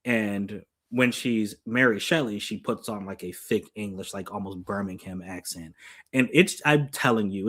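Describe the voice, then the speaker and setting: A man with a fairly low voice gives a casual film review on his own channel. He is chatty and eager, and he peppers his thoughts with fillers like "like" and "you know". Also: a bit bright. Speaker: movie reviewer.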